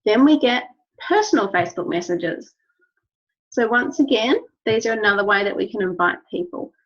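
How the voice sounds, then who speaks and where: A woman's voice: mid-range voice, animated, moderate pace. A woman giving an instructional talk to her team, earnest and encouraging, repeating key phrases. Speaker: wellness business trainer. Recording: dull lo-fi recording.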